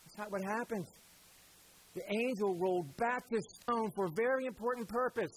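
A man's voice: high voice, normal speed, breathy edge, poor audio. A male preacher giving a sermon in a conversational, storytelling way, often calling his listeners "guys".

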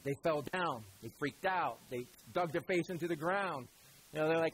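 A man's voice: a little high, normal speed, fairly bright tone, husky, poor audio. A male preacher giving a sermon in a conversational, storytelling way, often calling his listeners "guys".

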